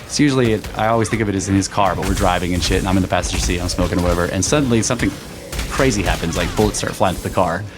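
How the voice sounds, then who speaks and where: A man co-hosting a podcast in casual chat, rambling and swearing as he thinks out loud, laughing often. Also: sits low, racing, music in the background. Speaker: podcast co-host.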